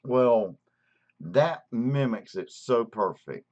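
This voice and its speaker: A man's voice: mid-range voice, animated, slow, darkish tone. A man from Alabama with a Southern accent, hosting a casual livestream and greeting viewers by name as he talks, stretching out words for emphasis. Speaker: channel host. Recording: dull lo-fi stream audio.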